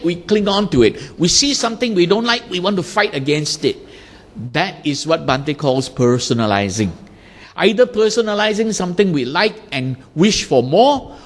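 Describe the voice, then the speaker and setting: With a long reverb tail on his fairly high-pitched voice, a Buddhist teacher illustrates ideas through everyday examples. He brings them alive by acting out small scenes, quoting people in lively voices.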